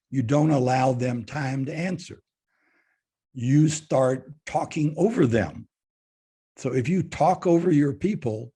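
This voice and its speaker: A man's voice: medium pitch, dark tone, breathy edge. An older man from Texas, a guest speaker telling a story bluntly and acting out both sides of the dialogue. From Fort Worth, Texas. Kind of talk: storytelling interview.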